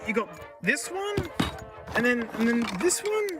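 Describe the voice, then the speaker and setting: A high-pitched Australian man rambles through a casual outdoor vlog, his voice leaping all over the place as he jokes with the objects he finds. His delivery is excitable and loose, with music playing behind him. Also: measured pace. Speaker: YouTube host. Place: outdoors in remote bushland, plagued by flies.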